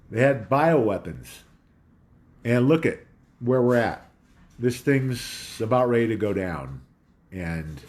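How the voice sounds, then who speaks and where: A man's voice: medium pitch, a little mellow, a little hiss or hum. A man hosting a casual talk show from home, rambling in a conspiratorial monologue with a dog nearby.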